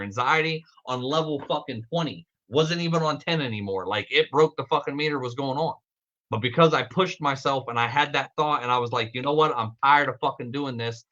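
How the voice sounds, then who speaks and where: Excitable, foul-mouthed man, bright tense voice. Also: medium pitch, muffled recording. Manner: rambling, heavily profane, excitable. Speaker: podcast host. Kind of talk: live-streamed podcast monologue.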